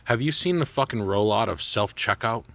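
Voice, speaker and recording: Animated, bright-voiced man in casual chat. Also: on the low side, creaky. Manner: rambling, profane, mimics people in quick put-on voices. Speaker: podcast co-host.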